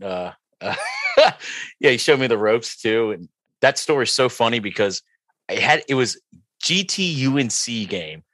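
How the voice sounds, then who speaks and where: On a casual sports podcast, a young co-host with a lowish voice rambles through a long, self-mocking story, heavy on fillers. Quoting others makes him animated, and the recording carries no room sound.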